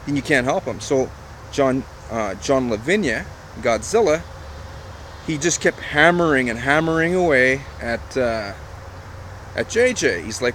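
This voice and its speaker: A man's voice: fairly high pitch, animated, unhurried, a bit bright, slight background noise. Man telling a motivational story outdoors. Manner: emphatic and repetitive, addresses viewers directly, mild swearing. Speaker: online marketer. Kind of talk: casual motivational vlog storytelling.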